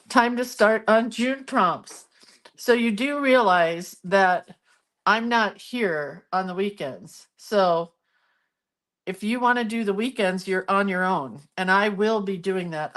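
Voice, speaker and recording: A woman hosts a live art stream from her home, talking slowly and warmly to viewers as she works. She greets people by name and chats casually about her crafts. Her voice sits at a middle pitch. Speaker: art livestream host.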